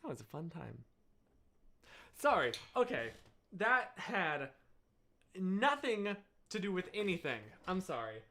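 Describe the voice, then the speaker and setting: A man's voice: sits high, big pitch swings, slow, pauses often, pushed and bright. A young American man hosting a live stream, chatting casually with viewers and wandering off on tangents. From United States. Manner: rambling, self-interrupting, apologetic asides. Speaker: livestream host.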